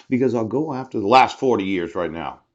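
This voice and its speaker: A man's voice: lowish voice, animated, moderate pace. Man laughing between lines, saying yes. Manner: punctuates phrases with laughs and repeated "yes". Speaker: self-recorded speaker addressing officials. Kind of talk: rambling monologue. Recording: dull lo-fi sound.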